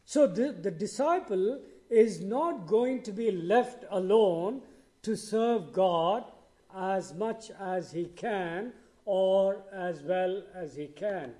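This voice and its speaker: A man preaching a sermon in a slow, deliberate way, lifting his voice when he quotes scripture. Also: high voice, warm tone.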